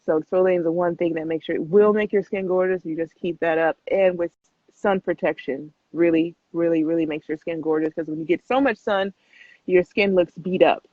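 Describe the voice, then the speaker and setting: A young adult woman hosting a casual live Q&A, chatting quickly and laughing often as she answers viewer questions. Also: on the low side, fairly even intonation, no echo. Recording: tinny phone-like live stream, dry.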